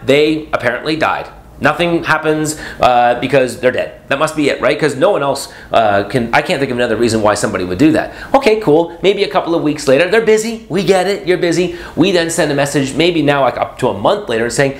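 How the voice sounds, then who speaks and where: A man speaking as a motivational speaker in a vlog, sarcastic and jokey, breaking into sudden loud high bursts. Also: animated, brisk, echoey room. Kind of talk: animated vlog monologue.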